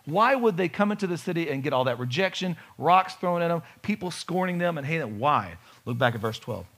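Male pastor, lively sermon delivery, rhetorical questions, bright slightly high voice. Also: a little fast. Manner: animated preaching with rhetorical questions to the congregation. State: has a bad knee.

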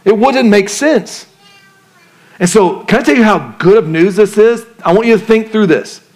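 A male pastor delivers a sermon in a conversational style, his voice sitting a little on the high side for a man. He keeps throwing questions to the congregation and slips casual slang and jokes into his teaching. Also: expressive, moderate pace, a little mellow.

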